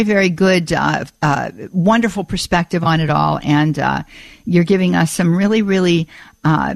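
A woman hosting a call-in radio show, effusive and warm with praise, often repeating her words, on a studio mic. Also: on the low side, gravelly, dry recording. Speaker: radio talk show host.

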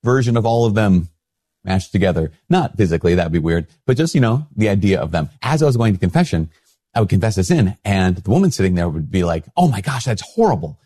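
A man's voice: low voice, lively intonation, fast, mellow, no room sound, studio quality. A man, a priest, talking candidly to camera, self-questioning and loose with fillers. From Minnesota. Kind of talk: casual reflective talk to camera.

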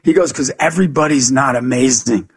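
A man being interviewed as a guest, telling a story in an animated way and acting out the dialogue. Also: medium pitch, fairly quick. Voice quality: gravelly, husky. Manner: animated storyteller who acts out dialogue, much "you know" and "I go". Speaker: guest, youth speaker.

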